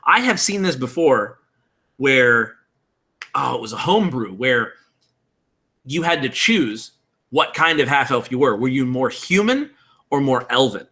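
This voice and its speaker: A man's voice: mid-range voice, very animated, unhurried, pauses often, sharp tone. A man in his thirties hosting a live-streamed tutorial, casually explaining tabletop game rules and answering chat.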